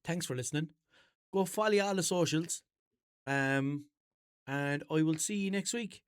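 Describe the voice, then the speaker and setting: A man's voice: a little high, a little slow, smooth, dry recording, studio quality. A young Irish man hosting a comedy podcast, rambling through an unscripted bit in a jokey, mock-serious way. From Ireland. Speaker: podcast host.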